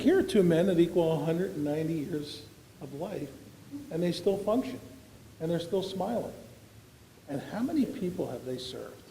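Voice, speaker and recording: A man's voice: fairly high pitch, mellow, slight background noise. A man, giving an after-dinner award speech full of folksy, self-deprecating anecdotes. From Philadelphia. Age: 70s. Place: large banquet hall. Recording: echoey banquet hall recording.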